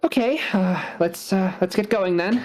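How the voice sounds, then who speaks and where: A man's voice: high-pitched, normal speed, darkish tone, pitched above the performer's own voice, natural voice. A man voicing an anxious young woman who hired a group to find her missing father, hesitant and apologetic. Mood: uneasy. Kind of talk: tabletop role-play character voice.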